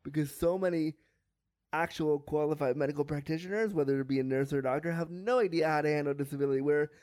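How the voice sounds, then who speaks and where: Frank, lively man with a high voice. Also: fast, no echo. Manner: frank and lively, acts out other people's voices with humor. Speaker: guest. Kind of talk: candid podcast interview.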